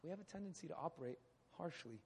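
A man in his thirties preaching a sermon in a hall, animated, often acting out quoted voices. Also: a little high, fast, a little hiss or hum. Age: 30s. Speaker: pastor. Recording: echoey hall.

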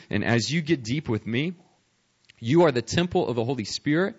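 Young guy preaching, tells the story big, goes quiet then loud, kinda dull lo-fi sound. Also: mid-range voice, expressive, moderate pace, husky. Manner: storytelling, dramatic swings from hushed to loud. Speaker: missionary preacher. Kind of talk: sermon.

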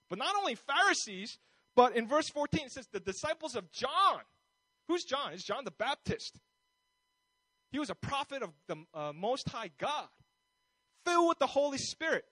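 Pastor, man, high-pitched, delivers a casual sermon and acts out the people he quotes, dry recording. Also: a bit bright, no echo, poor audio. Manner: conversational, many fillers, acts out quoted voices.

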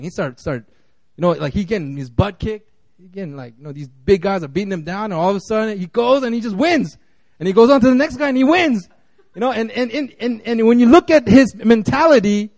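A man with a high voice preaches in an easygoing, conversational way, tripping over restarts and little fillers. The sound is close and dry. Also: lively intonation, brisk, darkish tone, no echo. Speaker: guest preacher. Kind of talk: casual sermon.

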